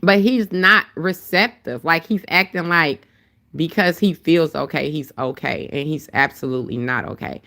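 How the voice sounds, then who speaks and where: A woman with a deep voice and a dry throat, talking bluntly and heatedly in a casual livestream chat on her phone. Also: moderate pace, sharp tone. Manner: blunt, profane, heated storytelling. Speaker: livestream host.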